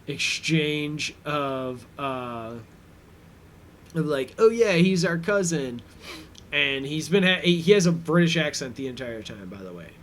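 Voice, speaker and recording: A man's voice: mid-range voice, slight background noise. A man hosting a commentary track, recapping an episode in a casual, rambling way with many fillers and restarts.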